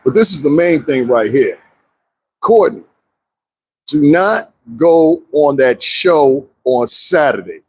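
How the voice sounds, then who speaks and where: A man's voice: on the high side, takes it slowly, husky, no echo. A man commenting casually on a live stream, talking straight to his viewers and laughing often. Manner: animated, talks straight to viewers, frequent laughs.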